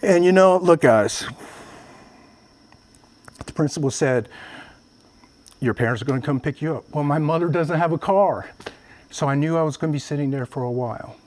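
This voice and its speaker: Speaking at a moderate pace with long pauses, a Vietnamese man with a fairly high, slightly mellow voice addresses his audience directly. He's a motivational speaker giving a public speech, earnestly recounting something personal.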